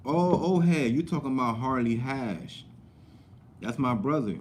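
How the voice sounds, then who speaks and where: Young dude going live, bit of a southern twang, rambling street slang, regular middle voice. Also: male voice, medium pitch, animated, a little slow, slight background noise. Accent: slight Southern US. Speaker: livestream host. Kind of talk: casual livestream chat.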